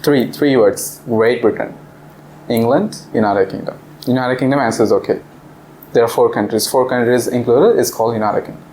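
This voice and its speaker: A man's voice: mid-range voice, moderate pace, darkish tone, a little hiss or hum, rough recording. A young man leading a casual classroom discussion, explaining step by step and laughing often. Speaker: visiting language teacher. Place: classroom in a language club.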